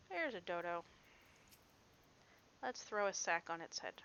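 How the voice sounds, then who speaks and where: A woman's voice: mid-range voice, animated, moderate pace, pauses often, fairly bright tone, a little hiss or hum. A woman playing a video game, reading character dialogue aloud in a playful, theatrical way and commenting as she plays. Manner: reads quest text in a playful, theatrical way. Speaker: let's play gamer. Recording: dull lo-fi home recording.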